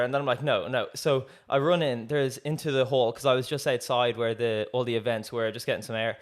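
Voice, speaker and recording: Lively young man telling stories. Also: medium pitch, fairly quick, hardly any pauses. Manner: lively, acts out quoted dialogue, laughs often. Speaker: podcast co-host. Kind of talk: casual storytelling chat.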